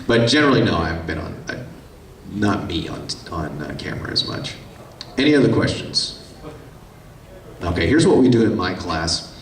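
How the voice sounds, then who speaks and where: A lively man in his forties, talking loosely and acting out voices as he tells stories from a convention stage. His voice sits on the low side. It is picked up from across an echoey room with a faint hiss underneath. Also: moderate pace, pauses often, recorded from a distance. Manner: chatty, animated, acts out quoted voices. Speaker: voice actor on a convention panel. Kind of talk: casual storytelling with audience questions.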